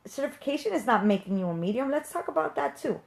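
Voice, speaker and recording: A woman speaking in a fairly high voice, ranting straight to her viewers in an unscripted live stream. She is a medium who teaches others, and she talks with blunt passion and heavy emphasis, swearing casually along the way. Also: animated, quick pace, gravelly.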